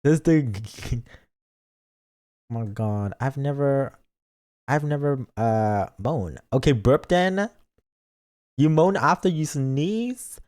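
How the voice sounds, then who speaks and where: A man's voice: medium pitch, expressive, takes it slowly, long pauses, a little mellow. A man streaming a game as a VTuber, chatting casually with his viewers in a playful, goofy, mock-defensive way.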